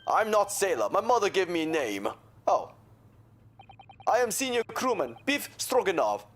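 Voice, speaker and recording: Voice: mid-range voice, big pitch swings, normal speed, lightly acted. A streamer voicing a proud, rude male Russian sailor in a video game, speaking blunt, broken English with a put-on Russian accent. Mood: haughty.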